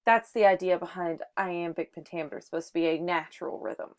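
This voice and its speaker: A woman's voice: on the low side, fairly even intonation, fast talker. A woman teaching a short lesson on poetry, explaining step by step with some fillers and restarts. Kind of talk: microteaching lesson on sonnets.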